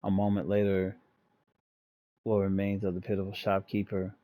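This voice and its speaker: Low mellow-voiced gaming host. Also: male voice, completely flat delivery, normal speed. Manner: reads aloud, breaks off to joke and laugh. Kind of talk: reading game text with casual commentary.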